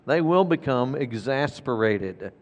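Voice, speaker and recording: A man's voice: medium pitch, expressive, a little slow, a little mellow. A middle-aged man, a pastor preaching a sermon in an earnest, emphatic way, repeating his key points. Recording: long reverb of a large hall.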